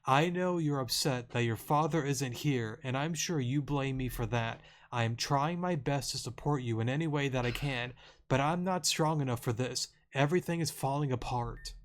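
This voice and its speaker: A man reading the lines of a kind, grieving mother from a video game in a slow, plain voice. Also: mid-range voice, a little hiss or hum, natural voice. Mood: sorrowful. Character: kind grieving mother, adult woman, gentle and earnest.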